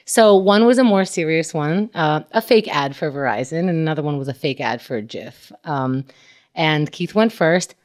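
A woman co-hosting a podcast, telling an animated story in casual chat, laughing often and swearing freely. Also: sits low, moderate pace.

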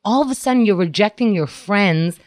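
A woman's voice: medium pitch, expressive, fairly quick, a little mellow. A woman co-hosting a podcast in casual chat, laughing often and acting out the people she quotes. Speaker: podcast co-host.

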